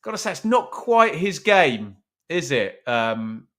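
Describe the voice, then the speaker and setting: Very animated yet taking his time, this man has a fairly high, fairly bright voice. He hosts a live football watch-along, chatting casually, joking at his own expense, and reading out and answering viewers' comments.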